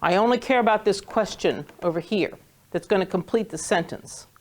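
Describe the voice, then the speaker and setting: Here a woman with a medium-pitched, darkish voice teaches Hebrew reading to a small group. Her manner stays patient and playful, and she stretches important words out for emphasis.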